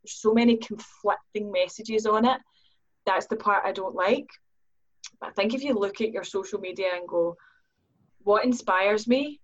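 A woman's voice: mid-range voice, normal speed, dull audio. A woman, a business owner, speaking earnestly as a podcast guest and acting out her own inner questions in livelier voices. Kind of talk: podcast conversation.

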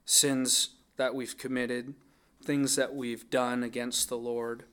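A man's voice: mid-range voice, little pitch movement, slow pace, fairly bright tone, clear, resonant tone. A man preaching a sermon, earnest and thoughtful, often restarting his phrases as he works through a psalm. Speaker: pastor.

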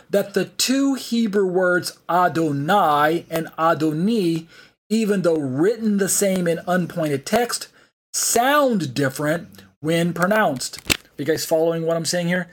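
A man teaching an online Bible study, explaining slowly and spelling words out letter by letter, with frequent fillers. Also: fairly high pitch.

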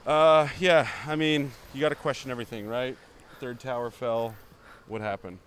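A man's voice: mid-range voice, fairly even intonation, normal speed, a bit bright. A man co-hosting a casual walking podcast, joking and pushing playful conspiracy talk. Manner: joking, pushes conspiracy bits. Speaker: podcast co-host. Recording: faint street noise.

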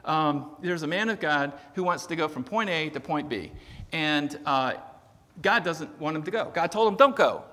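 A man delivers a sermon in a chatty, storytelling manner and jokes at his own expense. His voice sits high and bright. It rings out with a long reverb in a church sanctuary. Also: moderate pace. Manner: conversational, storytelling, self-deprecating humor. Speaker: preacher.

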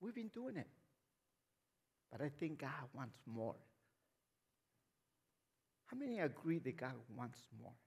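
A man's voice: fairly high pitch, big pitch swings, takes it slowly, gravelly, pauses often, darkish tone, slightly rough. A man preaching a sermon as a lay missionary, speaking emphatically, repeating words as he builds up and asking the congregation frequent questions.

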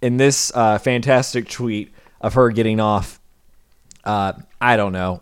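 A man co-hosting a podcast who talks casually with dry, deadpan sarcasm. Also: fairly low pitch, a little slow, smooth, no echo. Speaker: podcast co-host. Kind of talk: casual chat.

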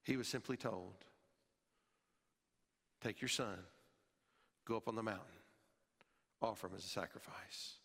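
A male pastor preaching a sermon, emphatic, his voice rising and falling sharply and dropping low at the ends of phrases, sometimes repeating words as he restarts. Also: unhurried, creaky, pauses often, fairly bright tone, slightly rough. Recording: long hall reverb.

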